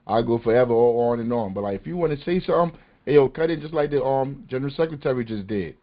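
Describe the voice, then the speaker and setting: A man's voice: mid-range voice, expressive, fast. Fired-up man hosting a lo-fi call-in show. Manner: impassioned, emphatic, street-casual. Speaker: podcast host. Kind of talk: passionate political talk. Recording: muffled lo-fi call audio.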